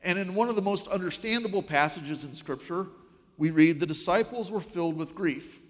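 A man preaching a sermon, telling a story with wry, animated delivery. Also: high-pitched, normal speed, in a large hall.

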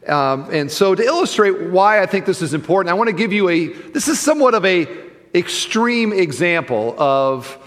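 A middle-aged male pastor telling a story in a sermon, animated and acting out the voices of the people he quotes. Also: sits high, moderate pace. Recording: long hall reverb.

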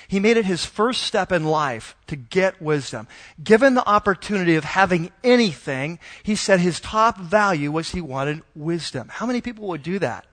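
A middle-aged male pastor whose voice sits a little higher than most men's. He preaches casually and chattily, often pausing on "uh" and "um" and restarting his sentences as he tells a story. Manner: conversational and relaxed, with frequent fillers and restarts. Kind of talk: sermon with personal storytelling.

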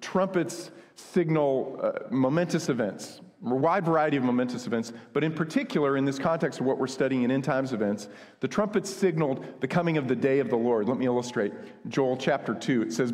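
A man's voice: mid-range voice, animated, a little fast, a little mellow. Preacher man in a reverberant hall. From United States. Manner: earnest, conversational teaching with asides and humor. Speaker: pastor. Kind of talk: sermon.

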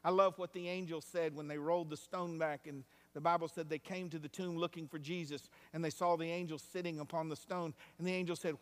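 A male pastor preaching a sermon, moving between hushed, quiet passages and loud, rising climaxes. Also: fairly high pitch, flat delivery, a little fast, few pauses. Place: church sanctuary. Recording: long hall reverb.

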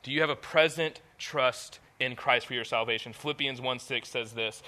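A man preaching a sermon, reading scripture aloud and asking the audience questions in an animated way. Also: medium pitch, normal speed, few pauses.

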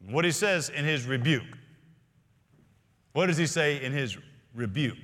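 A male senior pastor preaching a sermon in a church, earnest, often slowing and dropping to quiet emphasis. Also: on the high side, lively intonation. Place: church sanctuary. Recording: long reverb of a large hall.

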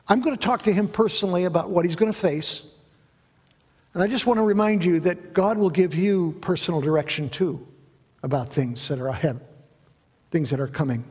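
A man's voice: high-pitched, brisk, a little mellow, breathy edge. A man preaching a sermon, telling a story and asking the congregation questions along the way. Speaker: pastor. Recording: echoey hall.

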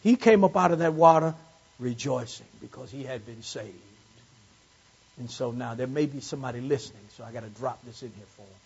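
A man's voice: mid-range voice, brisk, gravelly, a little mellow, slightly rough, dull audio. A man preaching a Sunday morning sermon, repeating phrases for emphasis and swelling into fervent peaks. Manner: call-and-response preaching, rising to fervent peaks. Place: church service.

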